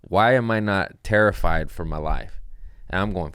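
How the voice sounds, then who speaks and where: Low-voiced profane comedian telling stories. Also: male voice, normal speed, clean tone, no echo, clean studio sound. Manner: profane, animated, laughing storyteller. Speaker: comedian podcast host. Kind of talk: casual storytelling.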